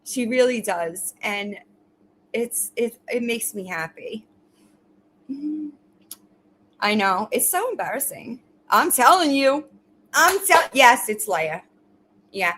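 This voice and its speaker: A woman's voice: on the high side, animated, takes it slowly, pauses often, fairly bright tone, slight background noise, low-quality recording. A woman hosting a casual livestream, talking straight to her viewers. She mocks her commenters bluntly and swears freely, then coos at her pets. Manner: blunt, mocking, profane toward commenters; gushing baby talk to pets. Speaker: livestream host.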